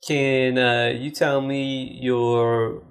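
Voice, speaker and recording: A man's voice: medium pitch, flat delivery, drawn-out words. A male podcast host asking casual, hesitant interview questions with fillers.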